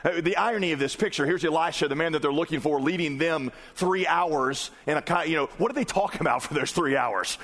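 A man's voice: a little high, fairly quick, hardly any pauses, a bit bright. A man preaching a sermon in a conversational way, acting out the voices in the story he reads. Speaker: pastor.

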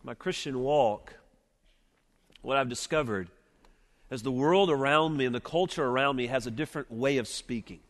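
A middle-aged man with a Southern US accent from Alabama, preaching an earnest, measured sermon that slows and drops quiet on its key points. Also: mid-range voice. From Mobile, Alabama, US Deep South. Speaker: preacher at a seminary chapel. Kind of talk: sermon with opening prayer. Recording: long reverb of a large chapel.

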